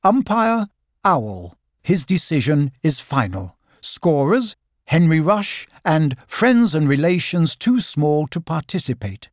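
A man narrating a children's storybook with gentle, expressive storytelling. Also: a little high, slow pace, no room sound, studio quality. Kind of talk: audiobook narration.

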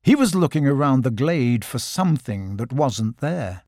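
A man narrating a children's storybook with a lively, expressive reading. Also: medium pitch, moderate pace, no echo, studio quality.

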